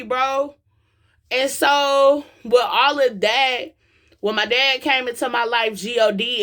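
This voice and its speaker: A young Atlanta woman with a Southern US accent preaches straight to her viewers in a vlog, delivering a passionate, slang-filled personal testimony. Her voice sits on the high side and sounds a bit bright.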